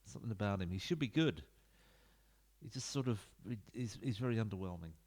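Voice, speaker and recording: A man's voice: on the low side, lively intonation, a little fast, darkish tone. A man giving casual, rambling commentary while playing a football management game at home, chatting to viewers with offhand asides. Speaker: gaming YouTuber. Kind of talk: casual let's-play commentary. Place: home room. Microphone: desk mic into computer.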